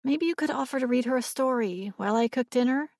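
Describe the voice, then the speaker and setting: A woman voicing a kind young woman who coaxes a small child in a soft, sing-song voice. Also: sits high, fast, dry recording, clean studio sound, voice pushed up. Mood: gentle.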